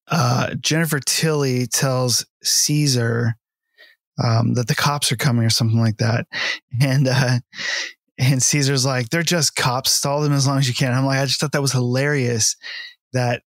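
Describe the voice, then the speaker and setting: A man in a relaxed film discussion, wandering through his stories with constant fillers and bursts of laughter. His voice sits at an ordinary middle pitch and sounds close and dry, with no room around it. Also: dry recording. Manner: rambling, laughs often, many fillers and swearing. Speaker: podcast co-host. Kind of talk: casual film review chat.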